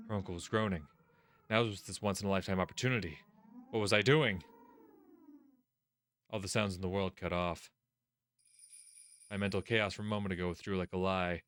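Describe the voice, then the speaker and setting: A man voicing a teenage boy who narrates his own tense inner thoughts in a slow, hushed, brooding visual novel reading. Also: low voice, a little hiss or hum, voice pushed down. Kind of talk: visual novel read-aloud.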